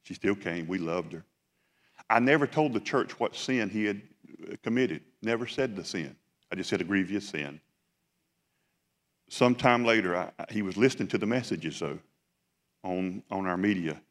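A deep-voiced man preaches from the pulpit, spinning a story in a plain, folksy way. His voice carries a long reverb from the church hall. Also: animated, normal speed, long pauses. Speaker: pastor. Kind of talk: sermon. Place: church sanctuary.

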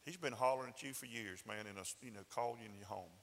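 A man's voice: mid-range voice, racing, gravelly, fairly bright tone. A man preaching a sermon in a conversational, folksy way, with rising emphatic bursts. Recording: hall reverb.

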